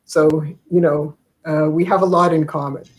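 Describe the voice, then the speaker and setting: A woman's voice: deep voice, fairly even intonation, normal speed, darkish tone, rough recording. An older woman talks over a video call, spinning family anecdotes in a loose, rambling way. She chuckles between thoughts and leans on plenty of fillers. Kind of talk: casual storytelling chat.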